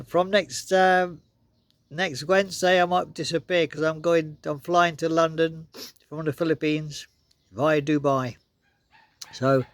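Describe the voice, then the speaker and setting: A man's voice: fairly high pitch, clear, resonant tone. A man casually telling childhood stories to his viewers, rambling and chuckling often. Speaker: vlogger. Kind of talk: casual storytelling.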